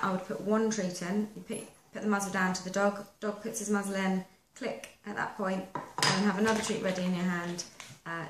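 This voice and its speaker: A woman's voice: medium pitch, fairly bright tone. A woman, a dog trainer giving practical step-by-step instructions in a chatty manner. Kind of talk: instructional how-to video. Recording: echoey room with faint noise.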